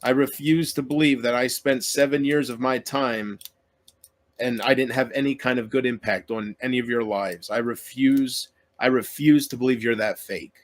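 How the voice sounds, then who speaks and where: A man's voice: medium pitch, fairly even intonation, moderate pace. A man YouTuber in an emotional solo rant to his viewers, aggrieved and self-pitying, swearing often and trailing off mid-sentence.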